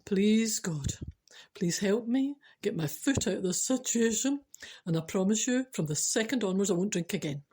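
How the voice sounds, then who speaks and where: A woman's voice: mid-range voice, expressive, moderate pace, darkish tone, slight background noise, close to an everyday voice. A Scottish woman voicing a panicked man who is bargaining with God while his foot is stuck. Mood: pleading.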